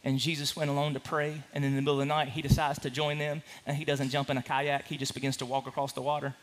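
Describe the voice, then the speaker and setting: A man preaching a sermon to a congregation, impassioned, swinging from hushed to loud. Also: mid-range voice, little pitch movement, fast talker. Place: large room with a congregation.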